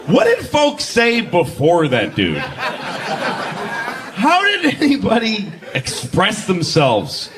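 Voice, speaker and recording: High, lively male stand-up comic. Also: slight background noise. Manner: deadpan storytelling with sudden shouted voices. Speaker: stand-up comedian. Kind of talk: stand-up comedy set. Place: comedy club stage with audience.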